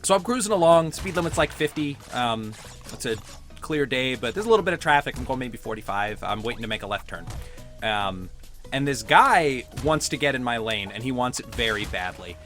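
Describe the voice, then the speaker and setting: Animated young man telling a story. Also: medium pitch, brisk, soft background music. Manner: animated storyteller, swears freely. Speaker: co-host playing a game. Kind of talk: casual chat while gaming.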